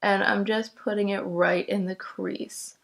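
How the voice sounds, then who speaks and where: A woman's voice: mid-range voice, flat delivery, a little slow, vocal fry. A young woman chatting her way through a makeup tutorial at home, explaining each step casually and laughing easily. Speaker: makeup vlogger.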